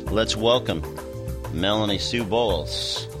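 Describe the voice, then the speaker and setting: A man hosting a radio show, talking in a relaxed way with frequent fillers. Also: fairly low pitch, slow, music in the background.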